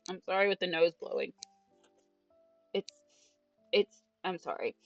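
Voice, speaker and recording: A woman's voice: fairly low pitch, unhurried, gravelly, dry recording. A young woman streaming a game, chatting casually in an apologetic, rambling way into a headset mic. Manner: apologetic, self-conscious, rambling. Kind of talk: casual gameplay chat. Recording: dull, distant, dry, game music behind.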